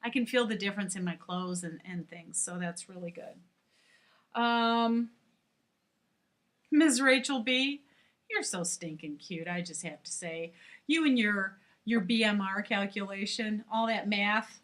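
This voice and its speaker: A woman's voice: medium pitch, unhurried, a bit bright. Woman, middle-aged, casual vlog chat, frank, filler-heavy. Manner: chatty, frank, many fillers. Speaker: vlogger.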